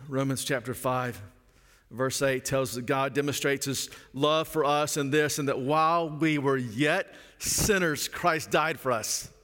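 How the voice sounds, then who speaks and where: A man's voice: mid-range voice, fairly even intonation, a bit bright. Middle-aged man preaching in a reverberant hall. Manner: earnest, repeats phrases for emphasis, slows on key lines. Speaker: pastor. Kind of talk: sermon.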